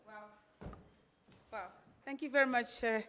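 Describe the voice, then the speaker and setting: A woman's voice: on the high side, fairly even intonation, measured pace, bright, forceful tone. A woman with an English accent speaks at an event in a slightly raised voice. She throws out rhetorical questions and repeats phrases for emphasis. Her voice carries with a long reverb, as if in a large hall. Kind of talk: off-the-cuff event speech.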